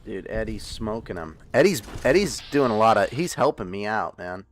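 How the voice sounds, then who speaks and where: A man's voice: on the low side, expressive, moderate pace, slight background noise. A man casually commenting on his gameplay for a live stream, joking and rambling to his viewers. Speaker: livestreaming gamer.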